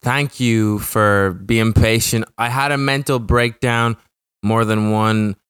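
A young man talks through a solo podcast episode in a loose, cursing, stop-and-start way. His voice is smooth and resonant. The sound is close and dry, with no room around it. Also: on the low side, steady tone, slow, fairly bright tone, no echo. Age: young adult. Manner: rambling, profane, restarts sentences. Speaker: podcast host. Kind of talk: casual podcast monologue.

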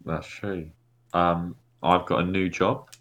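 A man's voice: sits low, flat delivery, takes it slowly, fairly bright tone. A young man co-hosting a podcast who swears freely and flares up in mock anger during casual banter. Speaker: podcast co-host.

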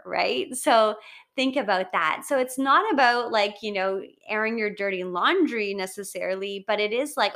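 Woman w/ bright clear voice doing an upbeat pep talk, chatty, lots of "right?". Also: on the high side, moderate pace. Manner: chatty, encouraging, frequent "right?" and "like". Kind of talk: motivational talk.

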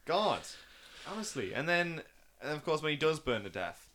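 A young man hosting a casual film chat, rambling with fillers and restarts and bursting into excited impressions. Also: a little high, normal speed, a crowd in the background. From Northeast England. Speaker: podcast host.

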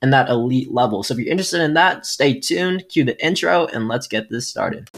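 A young man hosting his own solo motivational podcast, talking energetically and shifting his tone and loudness often. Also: mid-range voice, lively intonation, a little fast, gravelly, few pauses, music in the background. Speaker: podcast host.

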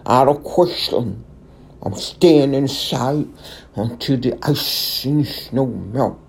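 A storybook reader voicing a fussy old male owl, slow and a little higher than the narration. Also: vocal fry, slightly rough, heavily acted. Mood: fretful.

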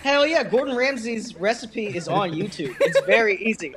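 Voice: medium pitch, normal speed, a crowd in the background. A podcast host chatting casually and with enthusiasm, laughing often. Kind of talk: casual chat.

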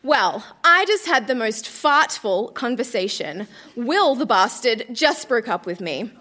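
A woman's voice: a little high, sing-song, measured pace, bright, forceful tone. A young woman reading her teenage diary aloud on a theatre stage, melodramatic and laughing through it. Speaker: reader of her childhood diary. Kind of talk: live reading to a theatre audience.

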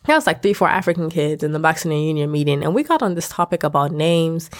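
A woman's voice: deep voice, expressive, fast talker. A young adult woman vlogging, talking casually and rambling, often correcting herself and laughing, rising into emphatic outbursts. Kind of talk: casual talking-to-camera rant.

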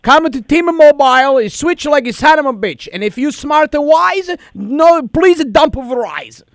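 A man's voice: extremely high pitch, animated, unhurried, no room sound, studio quality. A man doing a prank call in a put-on heavy Italian accent, rambling in broken English and mixing up his words.

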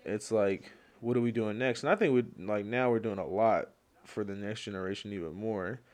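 A young man hosting a casual solo podcast, telling rambling stories full of slang and fillers, and getting loud and worked up when he rants. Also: lowish voice, normal speed. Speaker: podcast host.

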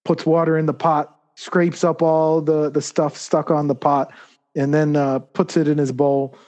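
A man telling a parable as a podcast guest, halting often with fillers and restarts. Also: a little high, little pitch movement, a little mellow. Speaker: guest storyteller. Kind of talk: spoken parable storytelling.

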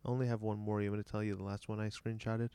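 A man's voice: on the low side, little pitch movement, rapid-fire, dark tone, clean tone, dry recording. A man chatting casually on a podcast, telling eager stories and laughing along. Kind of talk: casual chat.

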